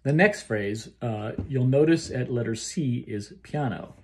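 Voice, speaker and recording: Slow-spoken male choir director. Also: mid-range voice, noisy background. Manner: explains phrasing, then sings the lines to demonstrate. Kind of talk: choral rehearsal instruction. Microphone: solo recording for a rehearsal video.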